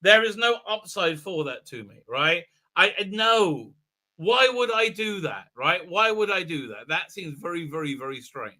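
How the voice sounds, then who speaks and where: A man's voice: sits high, very animated, a little slow, sharp tone. A man ranting through an episode recap, incredulous and exasperated, with lots of fillers and mocking quotes. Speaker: show host reviewing an episode.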